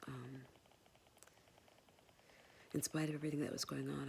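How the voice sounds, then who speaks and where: A woman whispering a soft, hesitant, tender and apologetic personal message to her son, pausing often. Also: a bass voice, level tone, gravelly, slight background noise. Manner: soft and hesitant, many pauses and fillers. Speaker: mother speaking to her son.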